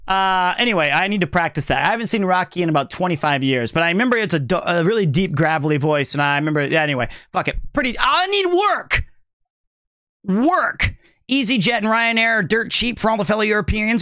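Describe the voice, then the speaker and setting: A man's voice: high-pitched, pushed and bright, no room sound, studio quality. A young man streaming live, chatting casually and thanking viewers in an upbeat way.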